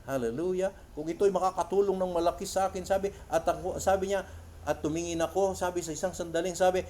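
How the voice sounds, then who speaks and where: A Filipino man preaching a church sermon. He reads English quotes slowly and loudly, then retells them in quick Tagalog. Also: on the high side, fairly even intonation. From Philippines.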